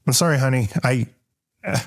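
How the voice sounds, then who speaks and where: A man's voice: mid-range voice, a little fast, gravelly. A man playing a stubborn husband in an improv comedy scene, insistent and mock-indignant.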